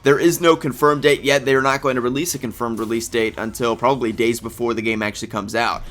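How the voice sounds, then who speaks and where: A man's voice: medium pitch, fairly even intonation, fast, a bit bright. A young man hosting a casual games news video, groggy from just waking up, thinking aloud and correcting himself as he goes. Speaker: gaming news video host.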